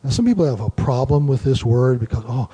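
A man giving a relaxed Bible study lecture, explaining word meanings and thinking aloud with many fillers. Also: medium pitch, fast, husky, muffled recording. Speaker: Bible teacher.

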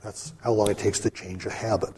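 A man's voice: on the low side, level tone, a little fast, darkish tone, a little hiss or hum. A man giving casual Bible teaching in a conversational way, full of asides and fillers. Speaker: preacher.

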